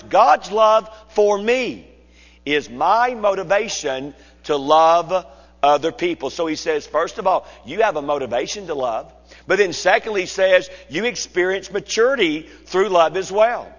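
Male preacher with a high voice, slow and emphatic, recorded lo-fi in a church sanctuary. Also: a bit bright. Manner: slow, deliberate, emphatic phrasing. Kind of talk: expository sermon. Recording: dull lo-fi sound in a reverberant hall.

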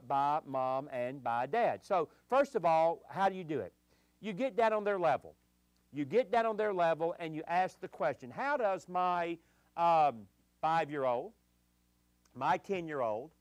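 A male pastor preaches deliberately, repeating his key phrases for emphasis. His voice sits fairly high. The recording is dry, with no room echo. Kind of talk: sermon.

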